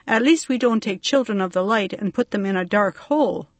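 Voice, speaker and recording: A harried little bee man from a storybook, polite and fussy, coaxing at first and then turning stern, as a woman reader puts him on. The voice sits a bit higher than plain narration. It is recorded close and dry. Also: brisk, dry recording, natural voice. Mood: pleading. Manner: pleading, then stern and impatient.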